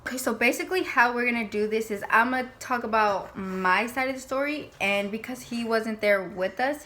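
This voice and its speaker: A woman's voice: medium pitch, bright, forceful tone. A young woman hosting a couple's vlog, chatting casually and acting out what people said as she tells her story. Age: young adult. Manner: chatty, retells scenes with quoted voices. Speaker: vlog host.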